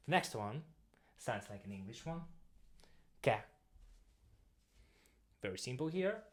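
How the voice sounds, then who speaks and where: A young man with a Russian accent teaching an online language lesson, explaining step by step as he writes. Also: mid-range voice. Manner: explains step by step, writing on a board.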